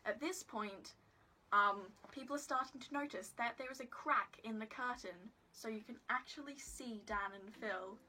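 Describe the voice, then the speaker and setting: A woman's voice: on the high side, normal speed, sharp tone, slight background noise. A woman telling a story to her phone camera in a casual vlog, giggly and rambling with lots of "like" and self-deprecating asides. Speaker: vlogger.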